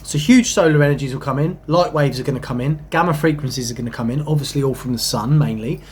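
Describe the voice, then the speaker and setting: A young man, rambling excitedly about spiritual matters, swinging from hushed asides to emphatic bursts and swearing casually. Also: medium pitch, fast, breathy edge. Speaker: spiritual channel host.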